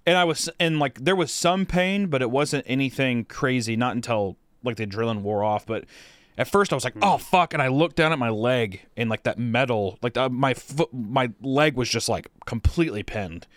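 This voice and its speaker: Young male podcast co-host, mid-pitched, loose rambling storyteller who swears a lot, dry close mic. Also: normal speed, dry recording. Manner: rambling, heavy swearing, lots of fillers. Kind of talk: casual storytelling.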